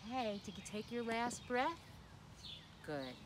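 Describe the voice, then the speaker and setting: A woman's voice: a little high, big pitch swings, unhurried, noisy background. Sing-song woman hosting a children's show. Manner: sing-song, playful, asks young listeners questions. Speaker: children's program host. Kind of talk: children's sing-along lesson.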